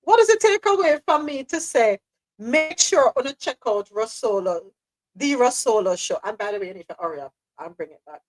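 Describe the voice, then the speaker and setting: A woman's voice: on the high side, expressive, moderate pace, poor audio. A woman hosting a live news podcast, speaking passionately and repeating phrases for emphasis. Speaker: host.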